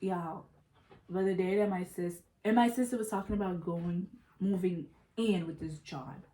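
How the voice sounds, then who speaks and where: A young woman telling a story in casual chat, animated and profane, calling her listeners "y'all". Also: on the low side, normal speed, a little hiss or hum. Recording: roomy echo.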